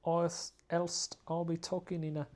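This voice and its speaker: Guy doing a put-on british accent, slangy mock-grumpy bloke, a bit higher and louder. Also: completely flat delivery, normal speed, close to an everyday voice. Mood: mock-determined. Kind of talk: joking impression while drawing.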